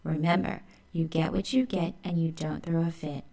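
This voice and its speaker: A patient school teacher cat explaining a rule kindly, as a woman reads the part. The voice is lowish and calm. It sounds like a children's storybook. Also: moderate pace, creaky. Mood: gentle. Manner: gentle, explaining.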